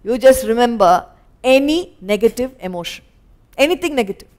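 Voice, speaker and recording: A woman with an Indian English accent teaching scripture as a spiritual teacher, animated and acting out little scenes. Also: a little high, normal speed. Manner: animated, acts out little scenes in quoted voices. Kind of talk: lecture on scripture. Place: lecture hall.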